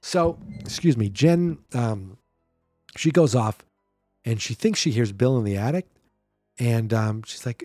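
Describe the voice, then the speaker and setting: A man's voice: medium pitch, lively intonation, warm tone, no echo, studio quality, soft background music. Sarcastic man recapping a horror film. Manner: sarcastic, exasperated running commentary with quick mimicry of characters. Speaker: podcast host. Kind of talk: casual movie recap.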